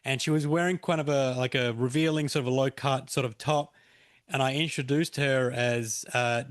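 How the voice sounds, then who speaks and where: A man's voice: mid-range voice, fairly even intonation, no echo. Easygoing male podcast host, dry sound. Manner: easygoing, quick laughs, short agreements. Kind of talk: casual chat.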